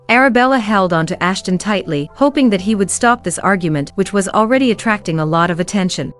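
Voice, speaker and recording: A woman's voice: mid-range voice, animated, fast, hardly any pauses. A young woman narrating a first-person werewolf romance story in a cold, cutting manner, with faint music behind.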